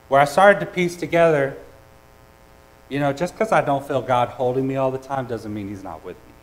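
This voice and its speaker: A man preaching a sermon, earnest and personal, with hesitant restarts and swings between loud and soft. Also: fairly high pitch, low-quality recording. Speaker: pastor.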